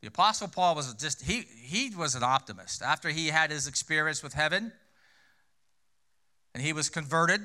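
A male pastor preaches conversationally, posing rhetorical questions and repeating key phrases to drive points home. His fairly high voice is pushed and bright, with lively intonation at normal speed.

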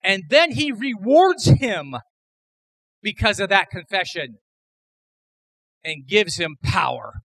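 A man preaching a sermon as pastor, emphatic, building to loud repeated declarations. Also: high voice, big pitch swings, slow pace, vocal fry, long pauses, no echo, poor audio.

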